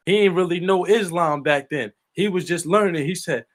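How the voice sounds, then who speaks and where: A man from the Baltimore area talks in a somewhat high voice. He delivers a profane, boastful monologue full of slang and combative trash talk. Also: moderate pace, hardly any pauses, dry recording. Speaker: online commentator.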